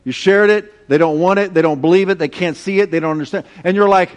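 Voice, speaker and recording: Middle-aged male pastor, high-pitched, lively and chatty, leads call-and-response with the congregation. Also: fast talker. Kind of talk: sermon. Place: church sanctuary.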